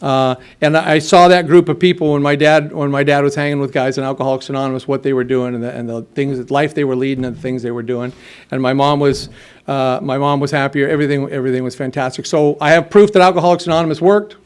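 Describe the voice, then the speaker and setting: A man's voice: mid-range voice, steady tone, quick pace, clear, resonant tone. A middle-aged man telling his own recovery story at a meeting, rambling with many fillers and restarts. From United States. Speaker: AA meeting speaker.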